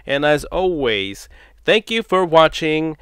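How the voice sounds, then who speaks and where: A man's voice: fairly high pitch, slow pace, clear, resonant tone, no echo, studio quality. A man casually demoing a USB microphone at home, thinking aloud as he tries its settings, with his distance from the mic changing as he goes. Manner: relaxed, chatty, thinks aloud while testing. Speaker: tech reviewer. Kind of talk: casual product demo. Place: indoor home setup. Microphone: USB condenser mic under test, distance varies.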